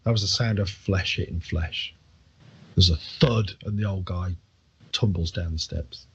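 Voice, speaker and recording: Husky man narrating a tabletop game. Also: low voice, unhurried, fairly bright tone. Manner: loose, hesitant narration with fillers. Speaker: dungeon master. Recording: dull lo-fi audio.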